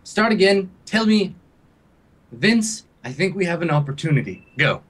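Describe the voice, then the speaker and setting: A man's voice: high-pitched, very animated, normal speed, voice pushed up. A man putting on a pushy showbiz hustler. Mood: wheedling. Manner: wheedling, pressuring, then bursts of yelling. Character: pushy smooth-talking male showbiz hustler.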